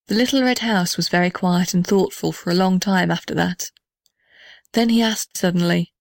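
A woman reading a children's storybook aloud in an even, gentle way. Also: fairly low pitch, normal speed, gravelly, dry recording, studio quality.

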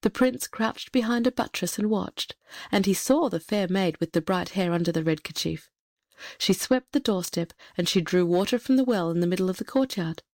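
A woman narrating a fairy tale in a measured, expressive storytelling manner. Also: lowish voice, no echo, studio quality.

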